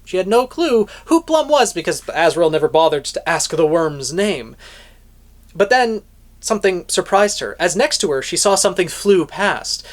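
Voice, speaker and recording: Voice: mid-range voice, big pitch swings, moderate pace. A reviewer recapping a light novel chapter in a dramatic, storytelling way, with offhand asides now and then. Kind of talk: plot recap with commentary.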